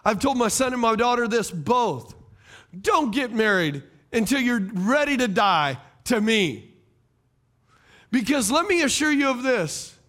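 A man's voice: extremely high pitch, sing-song, a little slow, fairly bright tone. A middle-aged male pastor preaching a sermon, repeating key phrases and throwing questions at his congregation. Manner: preaching cadence, fires rhetorical questions at the congregation.

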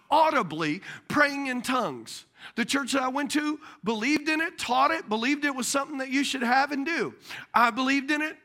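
A man preaching a sermon as a pastor, telling stories in an animated way. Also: extremely high pitch.

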